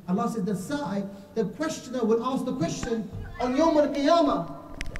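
A man's voice: very high-pitched, animated, moderate pace, darkish tone. A man giving a religious lecture to a congregation, calling them brothers and acting out little everyday scenes. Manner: addresses listeners as brothers, acts out little scenes. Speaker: preacher. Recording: echoey hall recorded from far off.

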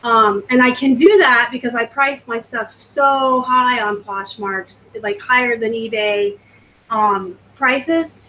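A woman's voice: a little high, steady tone, slow pace, pushed and bright, slight background noise, low-quality recording. A woman from the US West Coast hosting a live stream. She reads out viewer comments and chats about her selling in a rambling, casual way. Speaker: host.

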